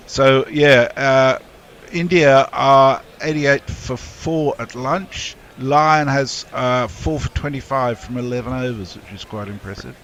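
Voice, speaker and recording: A man's voice: mid-range voice, slow pace, fairly bright tone. A man co-commentating on a cricket match, reading out listener messages in a casual way. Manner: reads out listener tweets.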